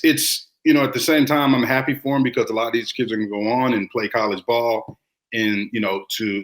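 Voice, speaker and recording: A man who coaches high school football, talking in a relaxed, reflective way with many fillers on a sports podcast. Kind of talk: casual sports talk.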